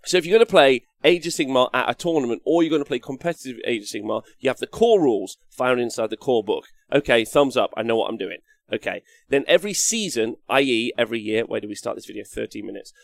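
Chatting fast with few pauses, an Englishman running a wargaming live stream rambles, cracks jokes, occasionally swears and reads viewer comments aloud. His medium-pitched voice is animated and creaky, recorded with no echo.

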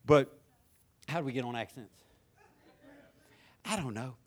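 An older man with a Southern US accent preaching a sermon as pastor, rising to shouted crescendos and dropping to low conversational asides. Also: unhurried, long pauses.

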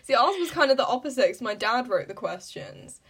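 A woman's voice: a little high, expressive, brisk, slightly rough. A young woman co-hosting a casual chat podcast, telling family stories with dry humour and frequent laughs. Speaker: podcast co-host.

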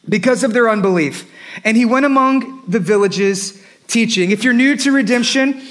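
A man gives a sermon in his church, his voice sitting unusually high for a man. He preaches with fired-up emphasis, pushing into shouted peaks and dropping into playful asides as he works through the text. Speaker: pastor. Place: church sanctuary.

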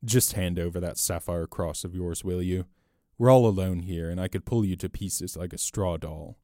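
A man's voice: moderate pace, dry recording, studio quality, close to an everyday voice. A man playing a tall, mocking master thief. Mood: low. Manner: low and steady, then mocking and boastful. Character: tall, bold male master thief posing as a priest.

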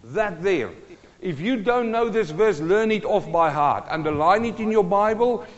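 A man preaching a sermon, telling a story with animated swings between quiet talk and shouting. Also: sits high, measured pace. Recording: long hall reverb, dull lo-fi sound.

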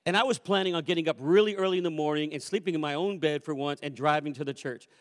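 A pastor in his fifties preaching a sermon, animated, moving between loud calls and quiet asides. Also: fairly high pitch, fast talker. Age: 50s. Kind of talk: sermon with storytelling. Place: church sanctuary. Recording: long reverb of a church hall.

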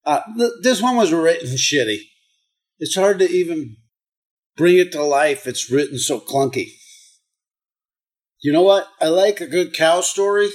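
A sarcastic man hosting a comedy countdown, his voice sitting a little higher than most men's. He reads odd news stories aloud, then breaks off to mock them with crude, profane asides. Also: expressive, measured pace, long pauses. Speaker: host of a comedy countdown show.

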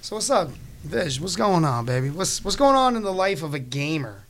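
A man's voice: a little high, moderate pace. A man hosting a casual radio chat show on a headset mic, joking around and slipping into exaggerated voices. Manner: animated, jokey, slips into exaggerated voices.

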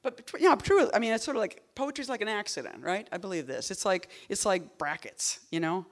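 A woman poet giving a reading, talking casually between poems in a rambling, self-interrupting, wry way, jumping between loud bursts and quiet murmurs. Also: medium pitch, expressive, a little fast.

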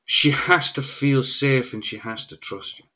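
A man's voice: medium pitch, measured pace, bright, forceful tone. A middle-aged Irish man, a guest in a casual podcast conversation, explaining a point emphatically and checking in with "right?". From Ireland.

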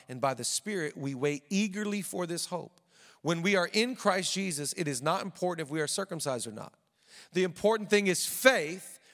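High-voiced male pastor in echoing hall. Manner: lively preaching with joking asides; repeats phrases for emphasis. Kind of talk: sermon. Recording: long reverb of a large hall.

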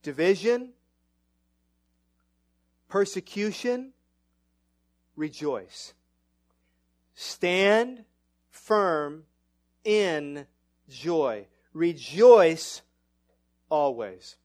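A middle-aged man preaching a sermon as pastor, animated and self-mocking, his voice climbing when excited. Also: on the high side, very slow, long pauses.

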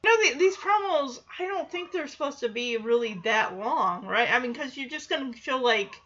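A woman's voice: sits high, expressive, normal speed, a bit bright, muffled recording. A woman giving a chatty, casual recap of a TV episode, laughing often and acting out quoted lines. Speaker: show recapper.

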